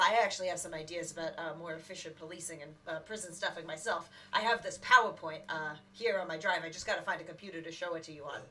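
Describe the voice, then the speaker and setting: A woman player in a tabletop game, speaking in an eager, halting way. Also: on the low side, bright, forceful tone. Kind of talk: tabletop role-play. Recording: distant mic, faint room noise.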